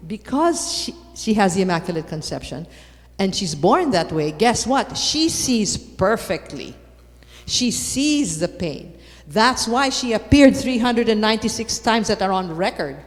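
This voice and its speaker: Woman speaker at a conference, emphatic and repetitive, mid-pitched voice, long hall echo. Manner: emphatic, repeats phrases, asks the audience rhetorical questions. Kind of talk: lively conference talk.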